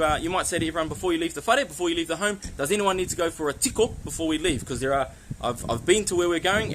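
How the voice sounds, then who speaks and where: Kiwi guy teaching words, quick chatty delivery, somewhat high voice, noisy background. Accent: New Zealand. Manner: friendly, chatty, says words slowly to be repeated. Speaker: language teacher. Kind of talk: casual spoken lesson.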